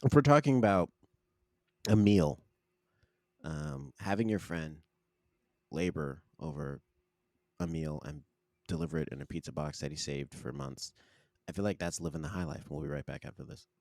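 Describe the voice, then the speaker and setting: A man's voice: low voice, normal speed, vocal fry, long pauses, a little mellow, dry recording, clean studio sound. A man co-hosting a podcast, teasing his friends and leading into segments in a casual chat. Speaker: podcast co-host.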